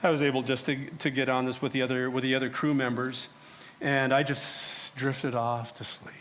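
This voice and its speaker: A man's voice: mid-range voice, flat delivery, moderate pace, a bit bright, slight background noise. A man preaching a sermon as a first-person dramatic monologue, telling the story in character as a prophet and acting out the other voices in it. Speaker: pastor. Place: church sanctuary.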